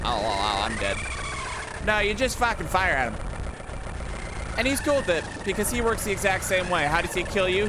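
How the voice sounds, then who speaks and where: A woman streaming a game, swearing freely and excitedly mocking the characters as she plays. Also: lowish voice, background noise. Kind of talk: let's play commentary. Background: loud game music.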